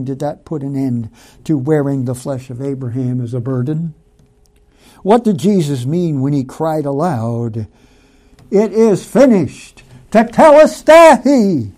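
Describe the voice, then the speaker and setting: A man teaching a Bible study sermon, slow and deliberate, asking rhetorical questions and leading the listeners in reading scripture aloud. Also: on the high side, warm tone.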